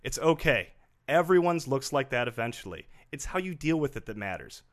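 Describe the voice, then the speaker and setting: A man's voice: mid-range voice, sing-song, a little fast. A man co-hosting a casual comedy podcast, reading out mock rules with wry jokes. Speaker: podcast co-host.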